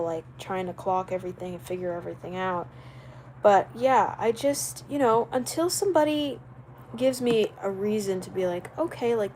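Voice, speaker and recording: A young woman chatting loosely on a live stream in a rambling, animated way, with reactions to viewers' comments. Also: mid-range voice, slight background noise, rough recording. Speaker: livestreamer. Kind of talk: casual live-stream chat.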